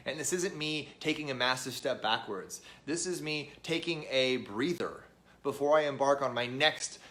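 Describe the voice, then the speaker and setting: A man hosting a weekly motivational talk to camera. He speaks earnestly and repeats phrases to rally his viewers. His voice sits at an ordinary middle pitch. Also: bright, forceful tone. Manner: addresses viewers as "guys". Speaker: host of a weekly motivational show.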